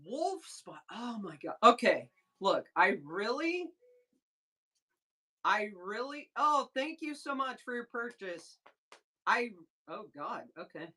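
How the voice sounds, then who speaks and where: A woman runs a casual live sales stream, talking to her viewers and reacting loudly to their comments. Her voice is bright and forceful, and she takes her time getting the words out. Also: on the high side, takes it slowly. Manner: excitable, chatty, reads chat aloud. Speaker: livestream seller host. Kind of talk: casual livestream chat with viewers.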